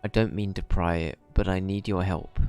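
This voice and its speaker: A man's voice: low-pitched, steady tone, moderate pace, darkish tone, smooth, soft background music. A man streaming a video game, rambling casually and swearing as he plays. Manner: rambling, swearing, talks to himself. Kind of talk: casual gaming commentary.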